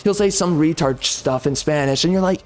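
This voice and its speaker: A man's voice: on the high side, normal speed. A man ranting in a heated, repetitive way with casual slang while giving gameplay commentary.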